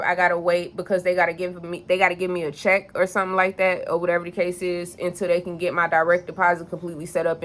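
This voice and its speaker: A woman's voice: on the low side, a bit bright. A young woman telling a story in a candid, rambling vlog, swearing freely and piling on filler phrases. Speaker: vlogger.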